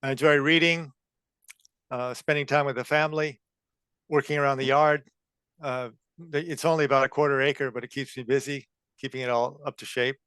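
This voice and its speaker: Guy in his 50s from california, smooth clear voice, dry sound, measured answers. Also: medium pitch, steady tone, fairly bright tone, dry recording. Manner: measured, with frequent uh fillers. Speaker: guest, copywriter. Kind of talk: interview answers.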